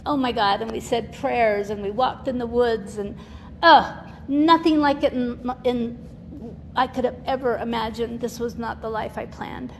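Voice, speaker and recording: Older woman, guest speaker at a recovery meeting, candid and emotional, laughs often; gravelly voice, recorded in a hall with a long echo. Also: a little high, steady tone, measured pace. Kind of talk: personal testimony talk. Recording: reverberant hall with faint noise.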